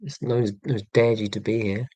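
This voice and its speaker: A man's voice: on the low side, steady tone, a little fast, warm tone, breathy edge, no room sound. Dry, self-mocking English man chatting. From England. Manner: dry, self-mocking, rambling with many ums. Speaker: live-stream host. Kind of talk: casual live-stream chat.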